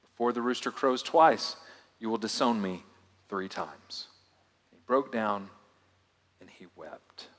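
A male pastor preaching a sermon, swinging from loud emphatic lines to hushed, quiet asides. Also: fairly low pitch, expressive, slow pace, pauses often. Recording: long hall reverb.

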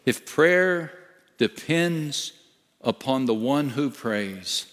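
A male pastor preaching a sermon slowly and emphatically, dropping to a hush at times. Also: medium pitch, animated. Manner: slow, emphatic preaching with dramatic dips to a hush. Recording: long reverb of a large hall.

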